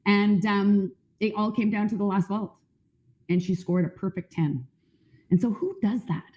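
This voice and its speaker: A woman's voice: medium pitch, steady tone, moderate pace, mellow. A woman from Canada, a panel guest, telling her own story in an earnest, reflective way with some filler ums. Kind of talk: personal storytelling. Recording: dull lo-fi sound.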